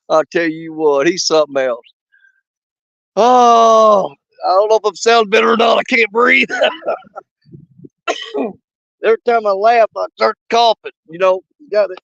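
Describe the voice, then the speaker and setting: A middle-aged man hosting a fishing channel, chatting casually while sick with a cough and fever, folksy and quick to laugh. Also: high-pitched, no room sound. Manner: folksy, laughs often, drawn-out shoutouts. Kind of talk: casual live chat shoutouts. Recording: dull, dry, lo-fi sound.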